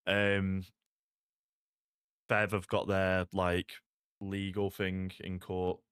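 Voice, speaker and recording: Low-voiced lad streaming. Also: male voice, monotone, very slow, a bit bright, smooth, dry recording, studio quality. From Salford, England. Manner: laid-back, chatty, fills with "like" and "mate". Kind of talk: casual gaming stream chat.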